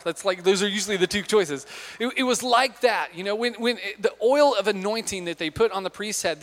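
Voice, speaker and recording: A pastor preaches in a conversational, storytelling manner, posing questions to his audience. His voice sits high and a bit bright, and the recording carries a long hall reverb.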